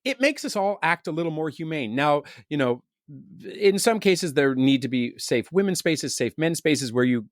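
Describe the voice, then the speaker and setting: A man's voice: fairly high pitch, animated, moderate pace, no room sound, clean studio sound. A man co-hosting a podcast, chatting casually in a wry way and laughing often. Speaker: podcast co-host. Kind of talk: casual chat. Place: remote recording studio.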